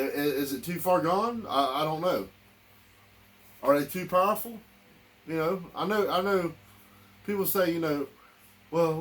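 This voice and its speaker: A man with a drawl rants to his listeners, heated and circling back on his own words. His voice sits a touch higher than most men's. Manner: heated, repetitive, addresses listeners as y'all. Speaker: political commentator. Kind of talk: angry political rant.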